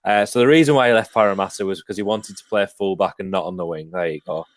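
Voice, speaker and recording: A man's voice: deep voice, fast, no room sound. A man hosting a casual sports podcast, reading viewer comments aloud and hesitating often with ums. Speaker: podcast host.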